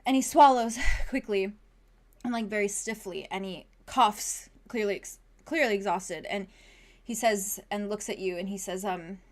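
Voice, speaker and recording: A woman's voice: mid-range voice, a little slow. A woman running a tabletop role-playing game as game master, narrating scenes with frequent laughs and fillers. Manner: laughs often, many fillers, vivid descriptive narration.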